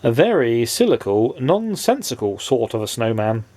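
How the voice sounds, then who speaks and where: A man reading a children's storybook aloud with animated, playful asides to a child listener. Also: medium pitch, moderate pace, no room sound.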